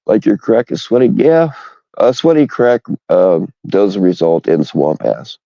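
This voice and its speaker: Deep gravelly man, crude rambling chat. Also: very animated, measured pace, warm tone, no echo, lo-fi sound. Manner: rambling, bawdy, joking. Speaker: livestream host. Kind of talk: casual crude chat with viewers.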